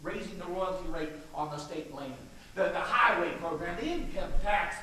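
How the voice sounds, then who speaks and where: An actor playing a brash, domineering state governor, swaggering and coarse, on an echoey stage recorded from afar. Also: male voice, high-pitched, animated, normal speed, pushed and bright. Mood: forceful. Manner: swaggering, boisterous, coarse and persuasive. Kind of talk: stage play acting. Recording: echoey stage miked from far, faint noise.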